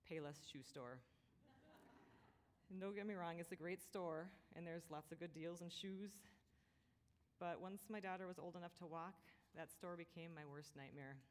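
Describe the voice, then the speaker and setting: Woman pastor, low voice, gentle reflective sermon delivery, church hall with long reverb.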